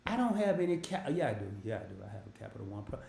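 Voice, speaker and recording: A man's voice: medium pitch, sing-song, rapid-fire, vocal fry, warm tone, echoey room. A middle-aged man hosting an investing channel, talking casually and slangily as he walks through an app on screen. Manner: chatty, slangy, self-joking. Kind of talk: casual screen-share walkthrough.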